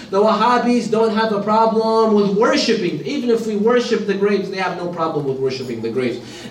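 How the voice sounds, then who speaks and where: A man's voice: high voice, a little hiss or hum. A man giving an impassioned religious lecture, repeating phrases for emphasis, recorded in a lecture hall from a distance. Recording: echoey hall, mic at a distance.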